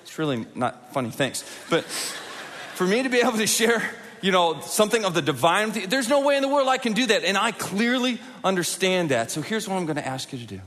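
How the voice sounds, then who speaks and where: A middle-aged man preaching a sermon in a large church auditorium, conversational and animated, often acting out quotes and asking the crowd for hands. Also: sits high, fairly quick, big-room sound. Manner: animated, conversational, with acted-out quotes and audience prompts. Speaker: pastor.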